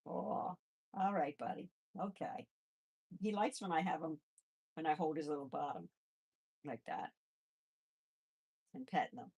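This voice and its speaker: Husky woman cooing at her pets. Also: slow pace, long pauses, a little mellow. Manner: coos to the animals in high baby talk between chat replies. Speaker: live-stream host and rabbit foster carer. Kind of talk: casual live chat while handling pets.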